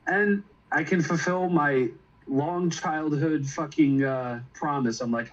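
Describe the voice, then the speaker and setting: A man's voice: medium pitch, fairly even intonation, takes it slowly, a bit bright, breathy edge, poor audio. A young man chatting as a co-host, enthusiastic and swearing casually. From Italian heritage. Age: young adult. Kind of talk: casual chat.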